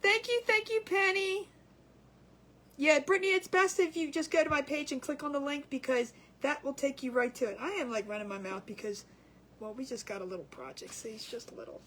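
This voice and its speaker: Giggly lady chatting away on her craft stream, high voice, kinda rambly. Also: brisk, a bit bright. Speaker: craft livestream host. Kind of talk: casual livestream chat while crafting.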